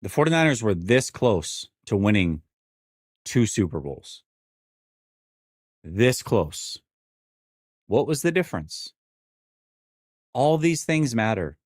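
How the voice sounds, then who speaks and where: A man in his forties hosting a live sports stream, venting his frustration and answering chat in an animated, exasperated way. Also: medium pitch, unhurried, long pauses, dry recording, clean studio sound. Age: 40s. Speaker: sports show host.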